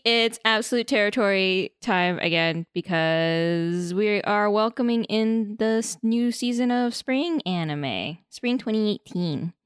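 A woman's voice: medium pitch, fairly bright tone, clean tone, no echo, clean studio sound. A woman hosting a podcast in casual chat, playful and giggly, laughing often. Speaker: podcast host.

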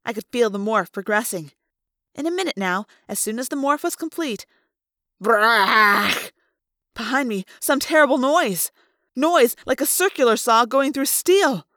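Woman, audiobook reader, first-person novel, higher voice, dry close sound. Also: animated, moderate pace, fairly bright tone, no echo. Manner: dramatic reading with voiced sound effects.

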